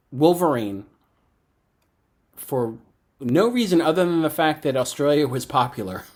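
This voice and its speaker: A man co-hosting a casual pop-culture podcast, recapping scenes and acting out lines in mock voices. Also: mid-range voice. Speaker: podcast co-host.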